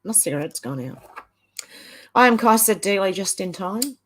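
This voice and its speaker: A woman's voice: mid-range voice, expressive, normal speed. Chatty woman reading live chat aloud. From Ireland. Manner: chatty, laughs often, sing-song reading of chat comments. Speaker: livestream host. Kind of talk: casual livestream chat, reading comments aloud.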